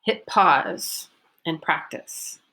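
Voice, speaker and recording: A woman teaching a pronunciation lesson, modelling sentences and stressing focus words deliberately. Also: on the low side, creaky, sharp tone. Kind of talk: recorded online lesson.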